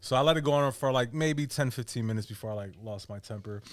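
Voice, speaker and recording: A man's voice: medium pitch, quick pace, no echo. A man who works as a tattoo artist, telling a profane story in a casual podcast chat.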